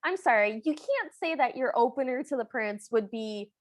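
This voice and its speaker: A woman's voice: fairly high pitch, animated, normal speed, dry recording. A woman co-hosting a podcast, recapping the plot with wry, playful sarcasm. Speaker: podcast co-host. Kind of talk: casual chat.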